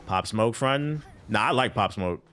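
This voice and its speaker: Male gaming streamer, low-pitched, animated, profane and casual with his audience. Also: moderate pace, a little hiss or hum. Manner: loose, profane slang, reacts to chat. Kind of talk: casual live-stream commentary while playing.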